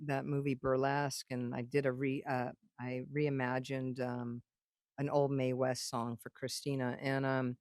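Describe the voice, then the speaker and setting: A woman's voice: extremely low pitch, level tone, a little slow, darkish tone, dry recording, clean studio sound. Rambling, salty-tongued woman storyteller. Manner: rambling, profane, acts out quoted dialogue. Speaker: guest songwriter and producer. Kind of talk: casual storytelling interview.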